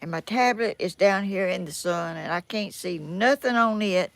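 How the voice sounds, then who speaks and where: A woman's voice: fairly low pitch, moderate pace, vocal fry, dry recording. An older woman with a Southern American accent, hosting a live stream from outdoors and talking in a flustered, self-deprecating, folksy way while she struggles with her phone and tablet. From Georgia, United States. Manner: folksy rural speech. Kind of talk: casual live-stream chat. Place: outdoors in the sun.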